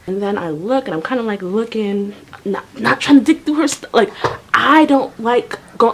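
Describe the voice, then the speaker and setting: A young woman vlogger telling a storytime tale in a lively way, acting out voices and sounds. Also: mid-range voice, slight background noise. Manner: animated, acts out voices and sounds. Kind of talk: storytime vlog.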